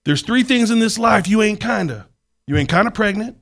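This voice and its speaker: A man does an upbeat older preacher with a high, drawling voice. He talks in punchy, streetwise sayings with a lilting swing. The delivery is loud and emphatic. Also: lively intonation, a little fast, vocal fry, exaggerated voice. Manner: drawling, sing-song "baby" talk.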